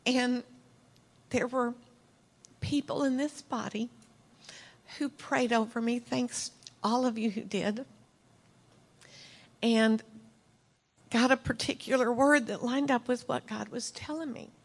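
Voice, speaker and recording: A middle-aged woman giving a heartfelt sermon as a church speaker, telling stories earnestly and emotionally, sometimes dropping to a soft whisper. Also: on the high side, fairly even intonation, slow pace, pauses often, breathy edge. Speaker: church speaker leading prayer.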